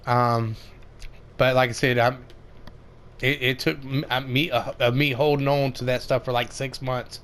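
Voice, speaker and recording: Rambling man narrating a game tutorial. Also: medium pitch. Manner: rambling, many fillers and restarts. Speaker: gaming video creator. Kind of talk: casual game tutorial commentary.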